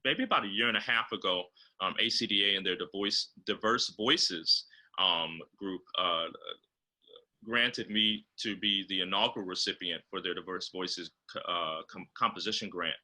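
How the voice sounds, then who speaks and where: A man, a composer and choral director, explaining choral diction over a video call and often pausing on fillers. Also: sits low, pushed and bright, rough recording.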